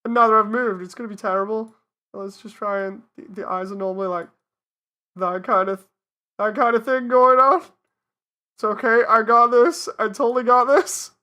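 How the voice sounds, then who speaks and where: A woman with a slightly high, bright, forceful voice gives casual live-stream commentary. She talks herself through each step and laughs off her own mistakes in a self-deprecating, chatty way. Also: moderate pace.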